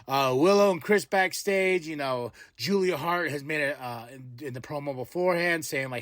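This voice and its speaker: A man hosting a podcast, recapping wrestling in a casual, excitable way, chuckling often and slipping into wrestler voices. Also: a little high, normal speed, few pauses, no room sound, studio quality. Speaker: podcast host.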